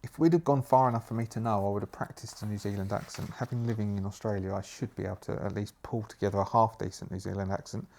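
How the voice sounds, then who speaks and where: A man's voice: on the low side, fairly even intonation, fast, gravelly, hardly any pauses, darkish tone. A man reading a solo horror adventure aloud and commenting on his own rolls and choices as he plays. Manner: reads the story, then thinks aloud with asides. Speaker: solo game player and narrator.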